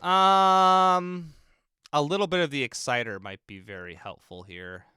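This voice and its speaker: A man's voice: fairly high pitch, unhurried, pushed and bright, smooth. A man, a film composer, chatting casually and thinking aloud as he mixes game music on a live stream and answers viewers in chat.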